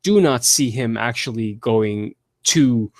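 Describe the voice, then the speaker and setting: A man hosting a casual podcast, answering listener questions with blunt, profane and animated opinions. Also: mid-range voice, slow, dry recording, clean studio sound. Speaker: podcast host. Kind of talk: casual wrestling podcast chat.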